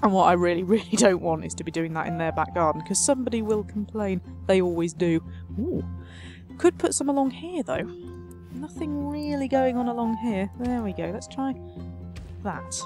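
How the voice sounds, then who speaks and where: A woman's voice: mid-range voice, lively intonation, moderate pace. A woman doing casual gameplay commentary as a let's play host, chatty and sarcastic, talking back to the game, with faint music behind her.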